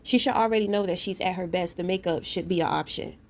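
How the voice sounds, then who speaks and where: A woman's voice: lowish voice, quick pace. A woman and parent ranting to her camera in a blunt, profane, confrontational way, telling a story full of asides. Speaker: vlogger. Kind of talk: casual rant to camera.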